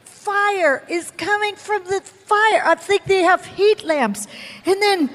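High-voiced woman preaching in an echoing hall. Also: takes it slowly. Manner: animated storytelling, laughing often. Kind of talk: sermon testimony. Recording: long hall reverb.

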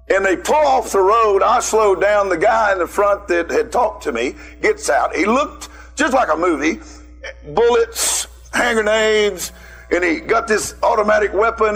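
A man's voice: high voice, fairly bright tone. A man preaching a sermon, telling a personal story and calling out emphatically to his listeners.

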